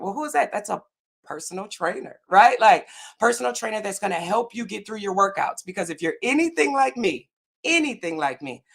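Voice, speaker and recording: A woman's voice: medium pitch, creaky, a bit bright. A woman giving an earnest, faith-based motivational talk on a video call, often checking in with "right?" and "okay?". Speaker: summit speaker.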